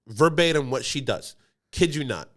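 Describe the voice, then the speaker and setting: Animated man telling a crude story. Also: normal speed. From United States. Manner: animated, acts out quotes with big pitch jumps. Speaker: podcast co-host.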